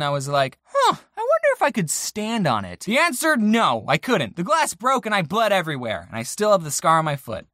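A young adult YouTuber telling comedic stories from a script, with deadpan asides. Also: no room sound, studio quality. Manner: animated, deadpan asides, big pitch swings. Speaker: YouTube storyteller.

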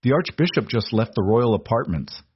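A man voicing a gruff, sardonic maidservant in a storybook reading, speaking bluntly. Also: medium pitch, lively intonation, moderate pace, lo-fi sound.

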